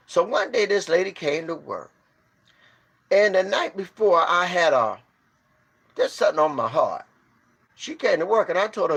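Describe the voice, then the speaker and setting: A man's voice: sing-song, normal speed, breathy edge. A man telling a story and preaching informally. He talks emphatically, repeats his rhetorical questions, and stumbles over restarts. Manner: storytelling, swinging from low to loud.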